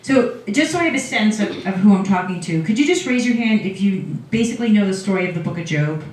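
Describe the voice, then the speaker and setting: A woman rabbi giving a casual, lively lecture, retelling a story to an audience. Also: mid-range voice, fast talker. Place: lecture room. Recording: echoey hall from far off.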